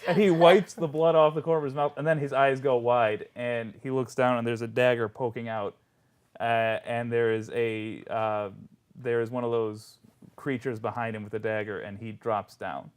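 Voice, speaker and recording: A man runs a tabletop game in a loose, unhurried voice. He narrates the scene with frequent fillers and restarts. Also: medium pitch, clean tone. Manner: relaxed, hesitant, many fillers. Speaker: game master.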